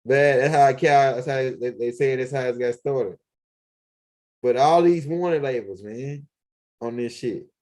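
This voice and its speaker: A man's voice: mid-range voice, measured pace, a little mellow. Profane, rambling man vlogging at home. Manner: loose, profane street talk with many fillers. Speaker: video blogger. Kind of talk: casual rambling monologue. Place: at home, walking around the house and backyard.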